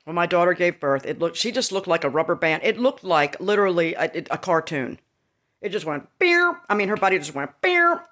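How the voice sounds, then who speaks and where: A woman's voice: fairly low pitch, sing-song, brisk, fairly bright tone. A woman in her fifties telling a candid, rambling personal story to her viewers, with laughing asides. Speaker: vlogger. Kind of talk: casual storytelling to camera.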